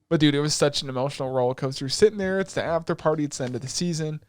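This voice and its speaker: A man's voice: fairly high pitch, no room sound, studio quality. A man co-hosting a podcast, casually retelling an anime plot with acted quotes and swearing. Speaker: podcast co-host. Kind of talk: casual chat.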